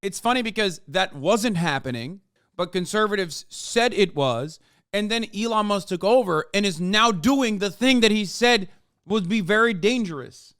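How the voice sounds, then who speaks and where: A male streamer rants about the news with heated, sarcastic profanity. His voice sits high and sounds smooth and clear. The room is dry and close. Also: animated, moderate pace, fairly bright tone, no room sound. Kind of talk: live-stream commentary rant.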